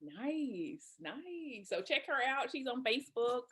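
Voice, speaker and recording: A woman hosting a panel discussion in a casual, bubbly way, laughing often and throwing in quick asides. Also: high-pitched, very animated, a bit bright, husky.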